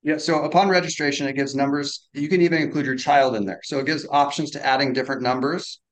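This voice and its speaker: A man rattles off explanations at a brisk clip as a podcast guest. His voice sits at an ordinary pitch, and he keeps the tone casual and practical as he explains how the product works. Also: steady tone, poor audio. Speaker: product inventor, interview guest. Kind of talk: podcast interview.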